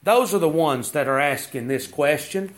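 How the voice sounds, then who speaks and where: A man's voice: fairly high pitch, lively intonation, normal speed. A man preaching a sermon, asking rhetorical questions and reading scripture.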